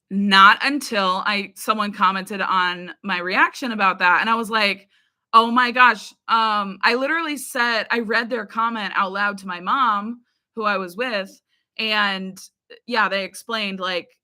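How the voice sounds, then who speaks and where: A woman's voice: medium pitch, bright, forceful tone. A young woman and YouTube reaction creator chatting casually with viewers in a live chat. She rambles, uses many fillers and laughs often.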